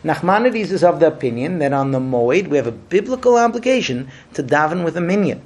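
A man's voice: on the high side, sing-song, a little fast, darkish tone. A man leading a group through a mock Seder, explaining terms and chanting the blessings. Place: room with a group.

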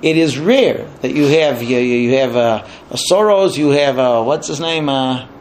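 A man giving a religious teaching, telling the story with animated, lively delivery. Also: medium pitch, normal speed, slight background noise. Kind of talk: storytelling sermon.

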